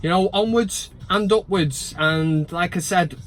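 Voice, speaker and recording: A man's voice: high-pitched, a little slow, a bit bright. A man chatting casually to camera about his football club from inside a van, full of jokey, sweary banter and mock outrage. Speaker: football fan vlogger.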